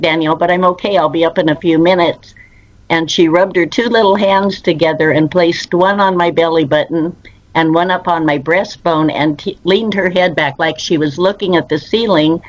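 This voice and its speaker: A woman guest in an interview, telling her personal story in an earnest, unhurried way with quoted dialogue. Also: deep voice, no room sound, muffled recording.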